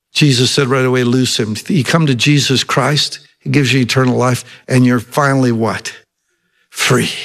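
A male pastor preaching in an animated way, with a voice sitting a bit higher than most men's. He retells scripture dramatically, slipping into little character voices and leaning hard on key words. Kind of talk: sermon.

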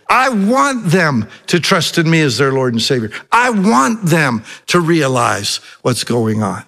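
A man preaching a sermon, storytelling with lively acted-out voices and rising emphasis. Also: on the high side, unhurried, gravelly, hardly any pauses. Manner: animated preaching, acting out Bible voices. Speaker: pastor.

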